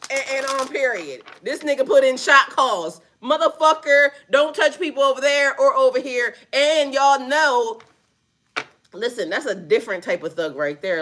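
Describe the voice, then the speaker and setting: A woman giving casual, profane reaction commentary on a news clip, laughing often and talking in a loud, playful way. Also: high-pitched, expressive, normal speed.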